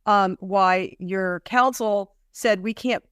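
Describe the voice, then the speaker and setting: A woman's voice: medium pitch, slow, a bit bright, clean tone, no echo, clean studio sound. A woman hosting an interview podcast, mostly affirming her guest with brief agreements. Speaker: podcast host. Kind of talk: casual interview chat.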